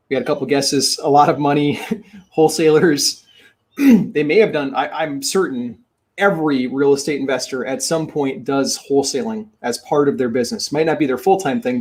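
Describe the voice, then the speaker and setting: Energetic man coaching on real estate. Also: a little high. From Minnesota. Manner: energetic, emphatic, repeats phrases. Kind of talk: teaching a webinar.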